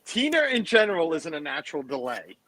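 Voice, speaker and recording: A co-host on a group livestream making wry, deadpan remarks. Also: mid-range voice, quick pace, a loud crowd. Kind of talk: casual group chat on a video call.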